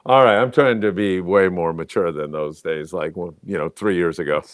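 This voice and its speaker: A man's voice: deep voice, normal speed, dry recording. A man in his sixties hosting a casual fishing talk show, telling stories and reading viewer comments. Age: 60s. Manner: storytelling, jokey, reads viewer comments aloud. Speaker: host. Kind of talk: casual chat.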